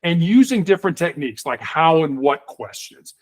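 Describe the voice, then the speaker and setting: A middle-aged man, a guest in an interview, telling stories in a lively conversational way and acting out the people he quotes. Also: fairly high pitch, moderate pace. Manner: animated, acts out quoted voices. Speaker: guest, former hostage negotiator.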